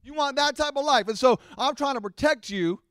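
A middle-aged man preaching a sermon to his congregation, animated and acting out the voices of his listeners. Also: extremely high pitch, fairly quick, dry recording, clean studio sound. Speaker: pastor.

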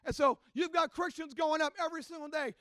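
A man preaching a sermon, telling a story with passion and rising to shouts. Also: very high-pitched, steady tone, a little fast, dry recording. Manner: impassioned storytelling that builds to shouting. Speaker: pastor.

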